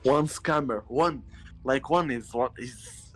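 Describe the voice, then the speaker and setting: Man telling a story on stream, halting and slow, music playing loudly behind. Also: medium pitch. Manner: halting, many fillers.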